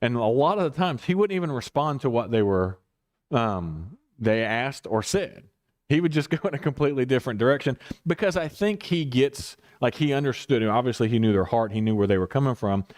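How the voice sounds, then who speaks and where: A man's voice: medium pitch, expressive, fairly quick, darkish tone. Give me a man pastor talking through scripture casually, restarting sentences and chuckling. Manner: rambling, self-correcting, chuckling asides. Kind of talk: conversational Bible study.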